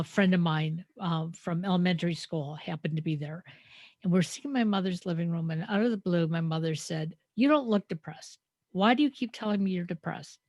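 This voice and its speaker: Woman podcast co-host, lowish voice, dry close sound, reflective storyteller. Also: darkish tone, no room sound. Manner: reflective, storytelling with hesitant fillers. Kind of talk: conversational podcast talk.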